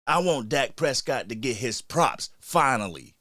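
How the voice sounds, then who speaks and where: A hyped-up man hosting a live reaction stream, worked up and talking fast as he greets the chat. His voice sits at an ordinary middle pitch and sounds dry and close, with almost no room around it. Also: lively intonation, sharp tone, no room sound. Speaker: fan channel host.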